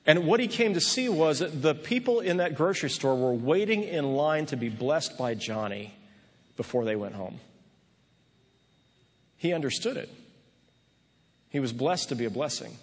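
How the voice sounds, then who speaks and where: A man delivers a sermon in a husky, slightly high voice. He tells his story earnestly, often restarting his phrases. His words ring out with a long reverb through a large church hall. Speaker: pastor.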